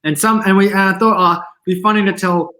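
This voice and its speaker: A man, a comedian guest in a casual interview, telling animated anecdotes and laughing often. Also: high voice, fast talker. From Australia.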